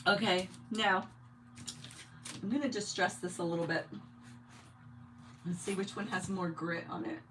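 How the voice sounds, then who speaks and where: A woman's voice: fairly low pitch, steady tone, unhurried, pauses often, background noise. A woman from New York hosting a live craft stream, chatting casually with viewers and greeting them by name while she works. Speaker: craft livestream host.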